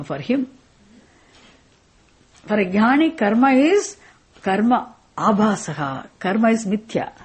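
A woman teaching a Vedanta class. She reads Sanskrit verses slowly and explains them in English, repeating phrases and checking with the class by asking "isn't it?". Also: fairly high pitch, a little mellow, husky. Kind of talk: scripture class lecture.

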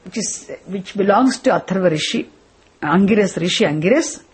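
A woman teaches a scripture class in a breathy voice. She circles back over her phrases and keeps asking her listeners questions as she explains. Her pitch sits in the middle range. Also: expressive, moderate pace. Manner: repetitive, questioning, restarts phrases. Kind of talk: classroom lecture.

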